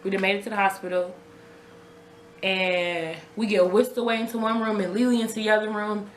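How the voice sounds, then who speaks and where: A woman's voice: medium pitch, flat delivery, a little fast, reverberant, a little hiss or hum. A young woman recounting a personal story to her viewers in a casual, conversational way, often repeating herself. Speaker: vlogger telling her own story. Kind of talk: raw personal storytelling to camera.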